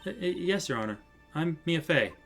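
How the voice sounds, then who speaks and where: A man's voice: on the high side, animated, normal speed, a bit bright, faint music behind, pitched above the performer's own voice. A streamer voicing a nervous young woman lawyer on her first case, raising his voice a little and tripping over her words. It stays close to his own voice. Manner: hesitant, stammering. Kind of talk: let's play voice acting.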